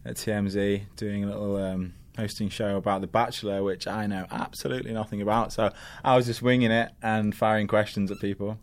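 A man with a Northern English accent and a fairly low voice talks as a guest on a podcast. His manner is laid-back and easygoing, with casual swearing. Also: level tone, fairly quick, few pauses. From England. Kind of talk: casual chat.

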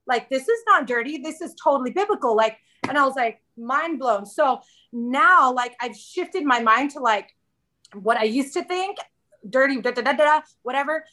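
A woman's voice: high voice, lively intonation, moderate pace, bright, forceful tone. A woman in her thirties, a podcast guest in casual chat, candid and chatty, often quoting herself.

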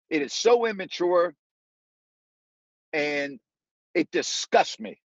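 A man's voice: on the high side, dry recording, highs cut off. A man hosting a live audio sports talk show, ranting in an indignant, repetitive, emphatic way. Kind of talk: angry sports talk monologue.

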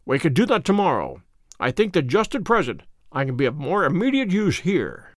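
A man plays a sharp, commanding detective from a classic story. He speaks crisply and with authority, his pitch moving a lot. The recording is close and dry. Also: huge pitch swings, normal speed, no room sound.

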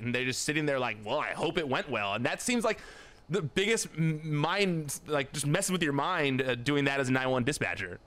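A man's voice: mid-range voice, a bit bright, clean tone. Chatty laughing male podcast host. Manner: chatty, laughs often, stammering restarts. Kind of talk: casual interview chat.

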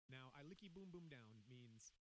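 A man's voice: mid-range voice, animated, normal speed, slight background noise, rough recording. A man co-hosting a casual podcast chat, explaining song lyrics and sometimes sliding into a put-on patois for a joke. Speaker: podcast co-host.

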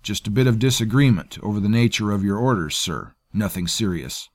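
A man's voice: lowish voice, animated, brisk, a little mellow, dry recording. A man voicing a coarse, sneering male mercenary with a taunting, mocking way of talking. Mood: placating.

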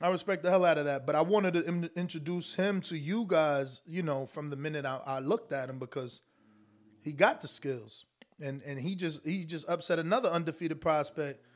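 A high-pitched man hosting a boxing commentary show rants to his stream in casual livestream talk while reading super chats. He's animated, slangy and emphatic, talking straight to the audience.

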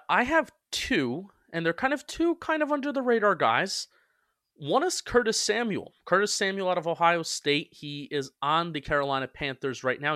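Brief: young male podcast co-host, bright and forceful tone, a bit higher-pitched, dry close sound, casual sports talk. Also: no room sound. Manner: quick, self-mocking, stumbles into restarts.

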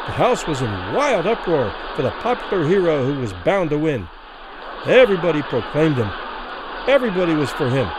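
A man narrating a classic short story as a vivid, expressive dramatic reading. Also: sits high, background noise.

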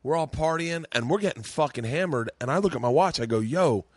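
A man's voice: fairly high pitch, lively intonation, fairly quick, no echo, clean studio sound. Laid-back man in casual podcast chat. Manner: laid-back, chatty, swears freely. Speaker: podcast host.

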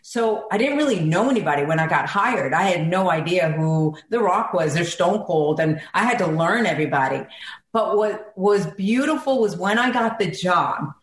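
A woman's voice: lowish voice, animated, normal speed. A middle-aged woman from South Carolina, a singer and ring announcer, reminiscing heartfelt and emotional as an interview guest. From South Carolina, USA. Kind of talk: conversational interview. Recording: echoey room, faint background noise.

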